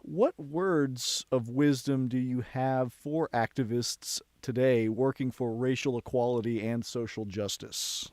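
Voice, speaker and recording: Male radio host, mid-pitched and measured, dry close studio mic. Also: fairly even intonation, a little mellow, no room sound. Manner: measured, prepared questions. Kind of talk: radio interview. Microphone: studio microphone.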